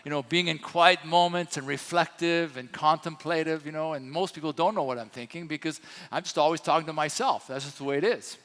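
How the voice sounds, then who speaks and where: A man in his sixties with a light French accent preaches in a relaxed, storytelling way, full of little fillers. His voice sits a bit high for a man. It rings out with a long church-hall reverb. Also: fairly quick. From France. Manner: storytelling, chatty with many fillers. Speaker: co-pastor. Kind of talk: sermon. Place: church sanctuary.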